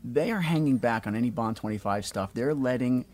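A man's voice: mid-range voice, expressive, a little fast, darkish tone. A man guesting on a podcast, telling stories in a self-deprecating way. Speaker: podcast guest, film writer. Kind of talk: casual podcast chat.

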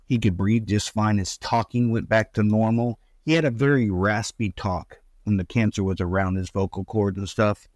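A middle-aged man with a fairly low voice recounts a painful story, halting and rambling as he fights back tears. His voice sounds close and dry, with no room echo. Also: fairly even intonation, darkish tone. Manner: rambling, halting, with many restarts and fillers. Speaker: guest, bereaved father. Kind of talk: emotional personal storytelling in an interview.

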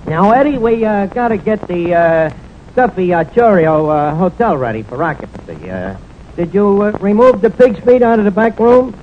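Playing the same kind of brash, wisecracking tavern manager from a 1940s radio sitcom, this man speaks in a high-pitched, expressive voice at normal speed. His rambling is boastful yet fumbling, packed with fillers and garbled words, and it comes through a dull, noisy 1940s radio transcription.

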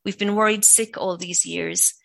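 A woman's voice: fairly low pitch, fairly even intonation, moderate pace, gravelly, no room sound. A woman reading the lines of an anxious older mother who tries to keep the peace. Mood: flustered. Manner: flustered, placating.

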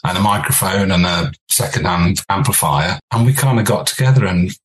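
A deep-voiced man in his sixties from England, chatting as a podcast guest. He tells his stories casually and slips into the voices of people from the past. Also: animated, fairly quick, a bit bright, a little hiss or hum, rough recording. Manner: chatty, acts out old dialogue. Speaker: guest musician. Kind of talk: casual storytelling chat.

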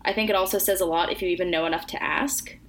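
Earnest young woman with a lower voice. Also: steady tone, fast talker, a crowd in the background. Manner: earnest, talkative, many fillers. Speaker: podcast co-host. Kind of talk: casual chat.

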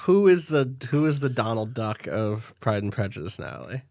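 Riffing podcast co-host with lively pitch. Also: no echo, studio quality. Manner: quick, riffing, jokey. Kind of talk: casual podcast chat.

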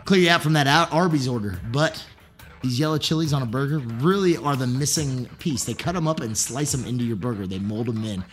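A man co-hosting a casual podcast chat, joking and riffing with deadpan asides. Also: medium pitch, brisk, soft background music. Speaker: podcast co-host.

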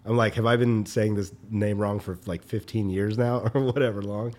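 A man's voice: lowish voice, steady tone, moderate pace, a little mellow. A young man co-hosting a podcast, chatty and easily amused. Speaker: podcast co-host. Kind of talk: casual chat.

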